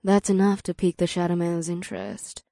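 A woman voicing a calm, affectionate female succubus with a soothing manner. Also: lowish voice, a little fast, no room sound, clean studio sound, lightly acted. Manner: soothing, calls others love.

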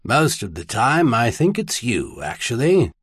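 Casting: male narrator doing a calm older archbishop, measured and husky, audiobook reading. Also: mid-range voice, no echo, clean studio sound, full character voice. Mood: mild. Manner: mild, measured, then grave. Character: older male archbishop, mild and knowing, old friend.

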